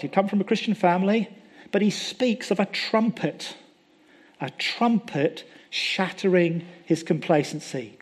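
Husky high-voiced male preacher. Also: a little mellow. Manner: earnest, with frequent restarts and rhetorical questions. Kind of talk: sermon.

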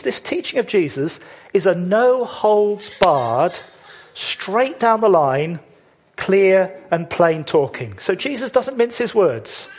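A male preacher delivers his sermon in a husky, fairly high voice. His delivery is emphatic, full of rhetorical questions, with key words drawn out for weight.

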